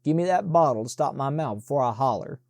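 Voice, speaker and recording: A man voicing a young servant boy who speaks in Southern dialect, loud and urgent, shushing and giggling tipsily. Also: mid-range voice, animated, fast, creaky, no echo, clean studio sound. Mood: giddy. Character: young Black servant boy, giddy and tipsy.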